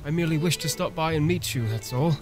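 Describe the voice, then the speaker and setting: A woman voicing a polite, courteous young gentleman suitor with mannered speech while reading a story game aloud. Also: sits low, fast, music in the background, voice pushed down, lightly acted.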